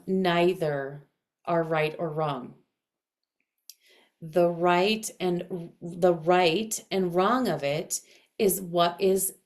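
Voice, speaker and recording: A woman teaching casually to camera in a dense, heavy voice, speaking expressively with clear inflection. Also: on the low side, darkish tone. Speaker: astrology and voice coach.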